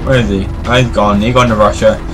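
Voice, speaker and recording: A man giving casual gaming commentary, joking and excitable, talking back to the characters in the game. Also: lowish voice, fast, music in the background. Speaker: let's play host.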